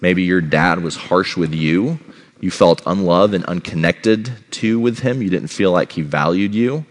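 A man's voice: sits low, fairly bright tone. A middle-aged man giving a sermon as a pastor, conversational and checking in with the congregation. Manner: conversational, checks in with "all right?".

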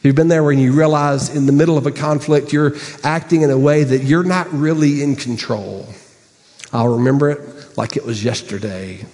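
A man preaching a sermon, telling a story with sudden high bursts and hushed asides. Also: fairly even intonation, normal speed, long reverb tail. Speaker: pastor.

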